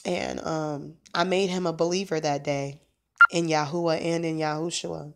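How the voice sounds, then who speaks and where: A woman's voice: low-pitched, fairly even intonation, normal speed, bright, forceful tone. A woman talking casually on a phone livestream as a prayer minister, meandering with lots of fillers and asides.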